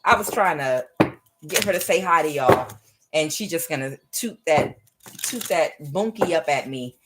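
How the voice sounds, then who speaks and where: A woman's voice: deep voice, animated, normal speed, heavy background noise. A woman giving a casual spoken tarot reading in a meandering, conversational way, often drifting into chatty asides. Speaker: tarot reader.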